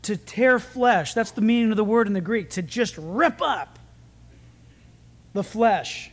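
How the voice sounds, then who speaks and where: Man, high voice, pastor, conversational sermon, joking anecdotes. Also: animated, measured pace. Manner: conversational storytelling with jokes.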